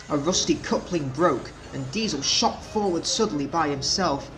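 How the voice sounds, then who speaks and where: A man reading a children's storybook aloud in a measured, plain narrating voice. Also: fairly high pitch, expressive, a bit bright, faint music behind. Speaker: storybook reader.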